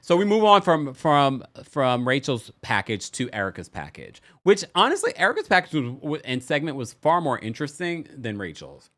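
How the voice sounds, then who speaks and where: Animated man recapping reality TV. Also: normal speed, few pauses. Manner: animated, big pitch jumps, laughs often. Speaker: podcast host. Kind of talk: casual chat recapping reality TV.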